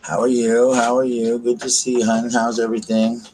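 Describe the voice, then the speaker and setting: A man chats warmly to his live viewers from his bedroom, greeting each one by name with an easy, mid-pitched voice. He rambles affectionately and a faint noise sits behind him. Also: monotone, moderate pace, rough recording. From US South. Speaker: channel host. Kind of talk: casual live-stream chat. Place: bedroom at home.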